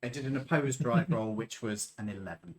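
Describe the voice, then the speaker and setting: A man's voice: medium pitch, brisk, a little hiss or hum. A man narrating as game master of a live-streamed tabletop game, explaining rolls and describing actions.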